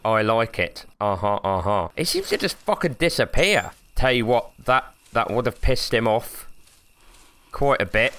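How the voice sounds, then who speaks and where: A young man hosting a gaming channel, talking through a monster hunt with plenty of swearing and jokes. His pitch swings widely from low mutters to high yelps, and his tone is bright and forceful. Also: a little slow. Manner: swearing, excitable, jokey, yelps when startled. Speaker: gaming YouTuber. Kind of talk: horror game commentary.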